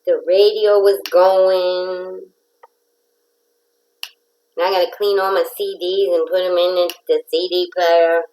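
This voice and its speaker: A woman's voice: on the low side, level tone, slow, pauses often, a little mellow, low-quality recording. A nasal woman hosting a casual craft livestream, chatting and greeting viewers by name.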